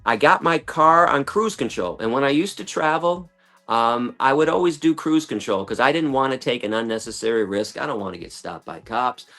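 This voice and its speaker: Animated man telling a story. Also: medium pitch, normal speed, faint music behind. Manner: animated, acts out quoted voices, swears casually. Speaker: guest, animal rights activist. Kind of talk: conversational storytelling.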